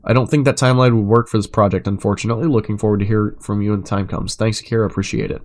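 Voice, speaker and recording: A man reading chat messages aloud in an even, measured way, breaking into loud, sarcastic rants full of swearing. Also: fairly low pitch. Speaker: commentator reading chat logs.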